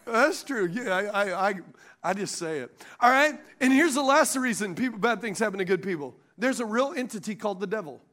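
Pastor preaching, really high voice that jumps around a lot, keeps asking the crowd stuff. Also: male voice, a little fast. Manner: animated preaching with call-and-response questions to the congregation; laughs at his own stories and stumbles over restarts. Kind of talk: sermon.

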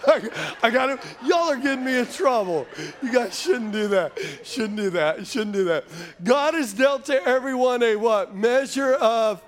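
A man's voice: very high voice, animated, measured pace. A male pastor preaching a sermon to a live congregation, joking between points and calling for the crowd to answer. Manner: call-and-response preaching, asks the crowd to answer; jokey asides between points. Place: church sanctuary before a live congregation.

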